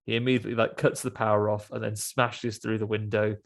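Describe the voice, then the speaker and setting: A man's voice: on the low side, flat delivery, brisk, vocal fry. A man hosting a casual film podcast, rambling and swearing as he acts out little scenes. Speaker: podcast host.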